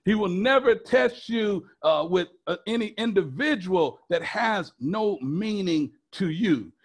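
A man's voice: sits high, lively intonation, measured pace, breathy edge. A male pastor preaching a sermon, emphatic and repetitive, prompting the congregation with questions.

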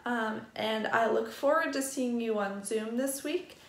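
A woman teaching a first grade vocabulary lesson at a distance, spelling each word out slowly and explaining it gently for young children. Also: on the high side. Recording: echoey room.

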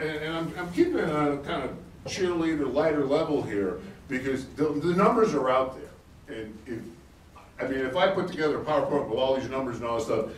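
A middle-aged man giving a live conference talk in an animated, excitable way, laughing as he speaks. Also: fairly high pitch, a little hiss or hum. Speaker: conference speaker, energy advocate. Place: conference hall. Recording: roomy hall, distant mic, faint ambience.

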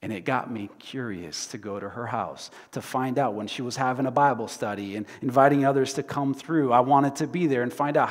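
A male pastor preaching a sermon dramatically, swinging from loud to hushed. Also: medium pitch, moderate pace, hardly any pauses. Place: church sanctuary. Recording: reverberant church sanctuary.

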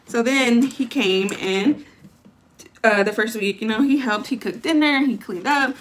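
A woman's voice: on the high side, unhurried, a little hiss or hum. A young adult woman vlogging, telling a long story in a chatty way, full of fillers and acted-out quotes. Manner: chatty, lots of fillers, acts out what people said. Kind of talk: casual storytelling.

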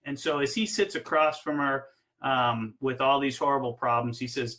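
A man coaching barefoot water skiing, telling personal stories in an energetic way with frequent fillers. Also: mid-range voice, moderate pace, rough recording. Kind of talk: instructional talk with personal stories.

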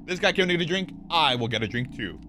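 A man's voice: a little high, fast, slight background noise. A young man doing live, joking gameplay commentary as a streamer, swearing casually. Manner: animated, swears casually, jokes.

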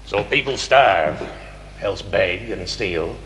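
An actor playing a stern county magistrate who speaks to a jury in a declamatory, questioning manner, from a 1970s television drama. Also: male voice, lowish voice, animated, slow, a bit bright. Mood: brooding. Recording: echoey reverberant old film sound.

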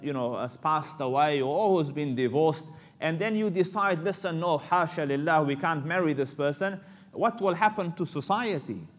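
A man teaching an Islamic lecture in a loose, conversational way, full of fillers and Arabic phrases. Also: on the high side.

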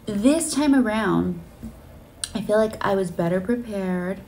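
Casting: female vlogger, heartfelt storyteller, a little gravelly, faint room hiss. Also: medium pitch, expressive, unhurried, darkish tone. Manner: earnest and emotional, many fillers. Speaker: flight attendant vlogger. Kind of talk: casual storytelling vlog. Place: hotel room on a layover.

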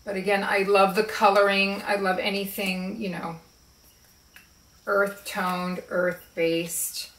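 A woman chatting casually and slowly about her favorite card decks, with relaxed fillers as she shows them. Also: mid-range voice, far from the mic. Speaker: spiritual video creator. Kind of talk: casual show-and-tell chat. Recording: roomy echo, voice a bit off-mic.

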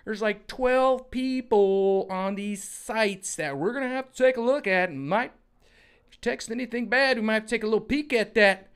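A man putting on a mocking, high sing-song voice to impersonate a female government spokesperson. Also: moderate pace, fairly bright tone, clean tone.

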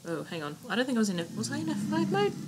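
Speaking rapid-fire in a fairly high voice, this woman hosts a gaming channel and offers casual let's-play commentary, chatty, muttering to herself, mildly swearing. Steady clicking sounds in the background.

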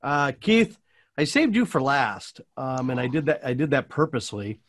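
A man's voice: medium pitch, sing-song, normal speed, no room sound. Chatty man hosting a panel. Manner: chatty, self-deprecating, rambling questions. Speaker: host. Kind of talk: panel discussion host.

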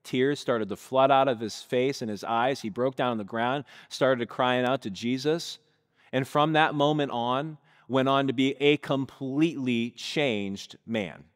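A man's voice: medium pitch, a little slow. A male pastor tells a story in a sermon, in a mid-range voice and a vivid, conversational manner aimed at his congregation. He speaks on a stage mic in a church sanctuary. The long reverb of the hall trails after his words.

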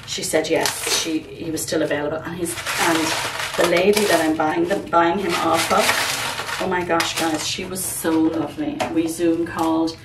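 A middle-aged woman chatting casually while she repots her plants, rambling and calling her viewers "guys". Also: sits low. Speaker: plant vlogger. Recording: echoey room, distant mic, background noise.

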